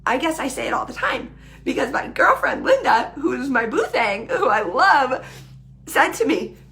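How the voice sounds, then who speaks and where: Woman in her thirties, casual live-video talk, high gravelly voice, earnest and emphatic. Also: very animated, normal speed, fairly bright tone.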